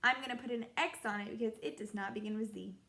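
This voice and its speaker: A young woman teaching a children's phonics lesson, sounding out letters in a slow, encouraging sing-song way. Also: fairly high pitch, fairly even intonation, sharp tone. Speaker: kindergarten teacher.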